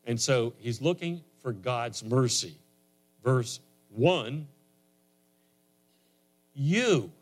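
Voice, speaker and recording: A man preaching a sermon in a conversational way, his voice rising higher and louder on emphatic lines. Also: slow pace. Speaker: pastor.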